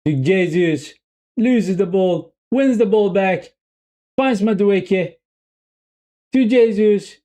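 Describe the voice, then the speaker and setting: A man with a Swedish accent streaming a live football watch-along, excitedly cheering on his team and chatting casually with viewers. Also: high voice, takes it slowly, no room sound. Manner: self-mocking, casual asides to viewers.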